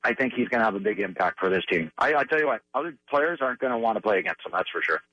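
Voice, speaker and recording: A man's voice: medium pitch, lively intonation, racing, sharp tone, dry recording, highs cut off. A man who works as a hockey broadcaster, speaking earnestly as a radio guest and often repeating words as he thinks. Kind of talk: radio interview.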